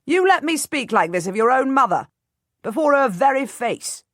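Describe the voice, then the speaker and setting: A woman reading an audiobook, voicing a proud young nobleman who shouts with his voice cracking in rage. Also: mid-range voice, expressive, moderate pace, no room sound, clean studio sound, voice pushed up. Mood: enraged.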